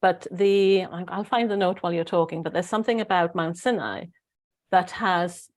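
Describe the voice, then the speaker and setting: Casting: Welsh woman host, lowish voice, chatty, rambling, restarts mid-sentence. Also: moderate pace. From Wales. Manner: rambling, searching for words, frequent restarts. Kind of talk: casual spiritual group chat.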